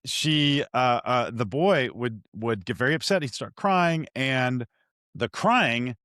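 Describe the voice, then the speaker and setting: A man hosting a podcast interview, telling stories in an animated, self-deprecating way with frequent restarts. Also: mid-range voice, slow pace, dry recording, clean studio sound. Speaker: podcast host. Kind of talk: conversational interview.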